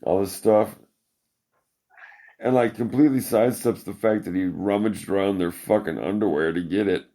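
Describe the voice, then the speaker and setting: A man's voice: fairly low pitch, normal speed, mellow. A podcast host, a man, rambling through a profane, laugh-filled story in casual chat.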